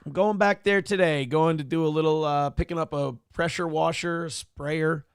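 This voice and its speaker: A man's voice: a little high, fairly even intonation, normal speed, clean tone, no echo, studio quality. A man from Minnesota hosting a morning show, reading live chat aloud and riffing on it with crude, irreverent commentary. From Minnesota, USA.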